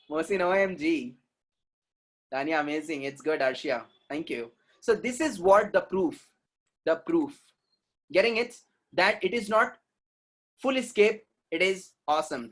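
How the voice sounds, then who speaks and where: A man, teaching an online pronunciation class. He is lively and drills words by saying them again and again. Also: fairly high pitch. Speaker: communication trainer.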